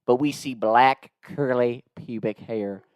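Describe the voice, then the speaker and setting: A man voicing an offended Southern husband with a slow, drawling twang, complaining formally in a pompous, straight-faced way. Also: mid-range voice, darkish tone, clear, resonant tone, dry recording, pitched below the performer's own voice, natural voice. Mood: indignant. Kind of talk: prank-call impression within a comedic story.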